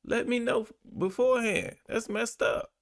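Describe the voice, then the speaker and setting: A man's voice: extremely high pitch, fairly even intonation, measured pace, vocal fry. A man hosting, reacting to a guest's story with playful, joking commentary. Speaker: host. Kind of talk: casual chat.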